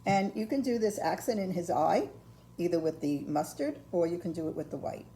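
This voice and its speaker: An older woman giving a patient, step-by-step ceramics painting lesson, filling pauses with ums and okays. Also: fairly low pitch, animated, warm tone, a little hiss or hum. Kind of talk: step-by-step craft tutorial.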